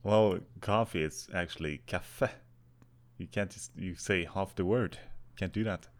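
A young Swedish man co-hosting a podcast in casual chat, deadpan and often swearing. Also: low voice, measured pace. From Sweden. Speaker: podcast co-host.

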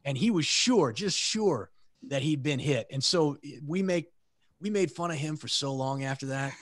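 A middle-aged man, a military veteran guest on a podcast, telling war stories casually, swearing freely and jumping high when he imitates comrades. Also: moderate pace, no echo, clean studio sound. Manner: animated storyteller, swears freely, voices comrades in a high excited pitch. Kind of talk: casual storytelling.

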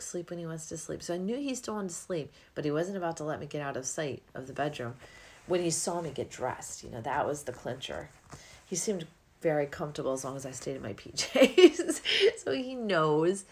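A middle-aged woman hosts a casual spiritual podcast, delivering a reflective, rambling monologue broken up by sighs and yawns. Her voice is low, creaky, and darkish in tone.

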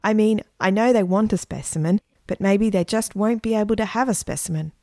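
A woman voicing a sensible, kindly older brother who talks calmly and reasonably. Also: mid-range voice, brisk, no room sound, clean studio sound, close to an everyday voice. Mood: earnest. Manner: calm and reasonable.

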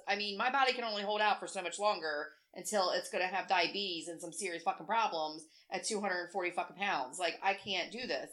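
A woman's voice: mid-range voice, sharp tone. A woman in her forties telling stories in casual podcast chat, blunt and profane, acting out what people said. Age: 40s. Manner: blunt, profane storytelling with acted-out quotes. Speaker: podcast co-host.

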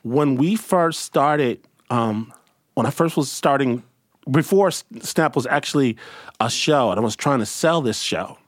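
A man hosting a casual roundtable chat, speaking reflectively and haltingly with many restarts. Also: mid-range voice, dry recording, studio quality. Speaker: host.

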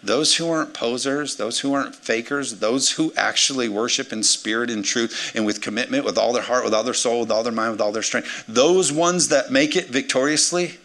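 Energetic preacher man in his forties. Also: medium pitch, brisk. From United States. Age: 40s. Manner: energetic, swings between loud emphasis and quiet asides. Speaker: pastor. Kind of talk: sermon.

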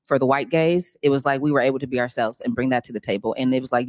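A woman actress talking casually in an interview, laughing often and animated. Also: a bass voice, fast talker, few pauses, no room sound. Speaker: guest actress.

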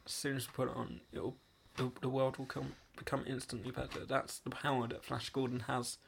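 A man co-hosting a comedy podcast, answering in a deadpan way and often restarting his sentences. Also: mid-range voice, fairly quick, vocal fry, a little hiss or hum. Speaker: podcast co-host. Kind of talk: comedic banter.

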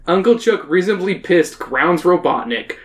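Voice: mid-range voice, animated, normal speed. A podcast host summarizing a book in casual chat, laughing often and stumbling over restarts.

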